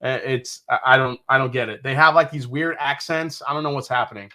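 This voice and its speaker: A man's voice: mid-range voice, a little fast, sharp tone. A man from New York hosting a casual live stream, reading out viewer comments, joking, swearing casually and laughing often. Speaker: livestream host.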